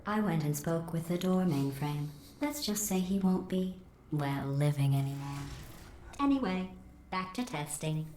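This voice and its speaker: A woman voicing a cold, sarcastic female AI overseer in a video game, speaking in a deadpan, mocking way through a processed robotic filter. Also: low voice, unhurried. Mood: smug. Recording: echoey game audio, faint hiss.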